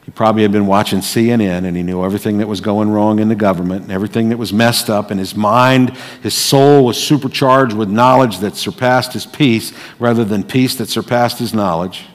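A man preaching a sermon, dramatic, moving between hushed, quiet passages and loud, forceful lines. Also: lowish voice, fairly even intonation, brisk, few pauses. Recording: long hall reverb.

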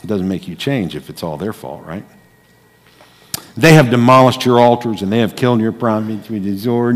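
A man preaching a sermon, dramatic, moving between hushed, quiet passages and loud, forceful lines. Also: fairly low pitch, normal speed. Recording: long hall reverb.

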